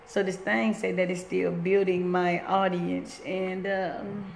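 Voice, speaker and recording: Speaking slowly in a lowish, flat voice with vocal fry, a woman rambles through a casual motivational talk on a phone live stream at her workplace. She stops now and then to greet viewers, and the room is echoey with faint noise behind her.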